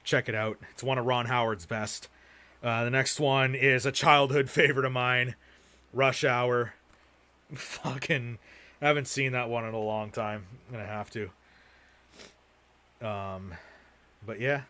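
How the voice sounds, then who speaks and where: A man's voice: medium pitch, steady tone, a little slow, long pauses, sharp tone. A young man chatting casually on a livestream about his movie collection, rambling and swearing freely as he goes. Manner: profane, rambling, rants with heavy swearing. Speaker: streamer showing his film collection.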